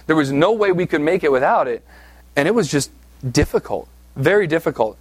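In a brisk, slightly high voice with lively intonation, this southeast Pennsylvania man preaches, weaving a self-deprecating personal story into his sermon and tossing in "right?" often. The recording is dry.

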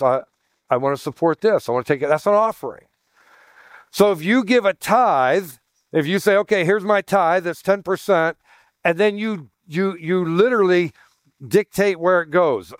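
A man delivers a sermon as pastor, his voice sitting a little high for a man. He teaches in a conversational way, calling out to "guys" and restarting his phrases. The recording is dry, with no room echo. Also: clear, resonant tone.

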